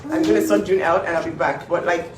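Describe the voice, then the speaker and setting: A woman's voice: fairly low pitch, quick pace. Emphatic woman in an echoey kitchen. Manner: emphatic, repeats herself, many fillers. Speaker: older sister speaking up for her sibling. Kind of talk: casual to-camera vlog. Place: home kitchen. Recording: echoey room, mic at a distance, faint background noise.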